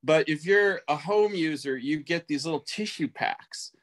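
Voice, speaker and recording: A man's voice: a little high, a little slow, fairly bright tone. A man in a casual conversation, thinking aloud with enthusiasm and stringing ideas together in long run-on stretches.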